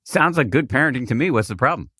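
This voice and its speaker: A man hosting a podcast interview, asking questions in a measured, plainspoken way. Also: mid-range voice, expressive, bright, forceful tone, husky, no echo, clean studio sound. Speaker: podcast host. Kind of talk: interview hosting with read ads.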